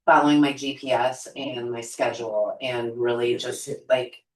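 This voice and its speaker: A man's voice: mid-range voice, steady tone, normal speed, a little hiss or hum. A man, a real estate agent, sharing at a team meeting, chatty and correcting himself as he goes. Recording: echoey room, mic far off.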